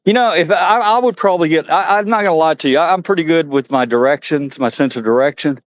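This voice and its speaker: A man's voice: a little high, fast, no echo, muffled recording. A man vlogging outdoors at a zoo, chatting to viewers and talking to the animals. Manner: chatty, laughs often, talks to animals. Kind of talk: casual chat to viewers.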